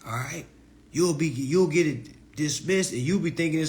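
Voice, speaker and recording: A man giving a casual live-stream lecture as an online teacher, talking in loose slang and often jumping into high, mocking voices. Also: moderate pace, darkish tone. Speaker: online legal self-help teacher.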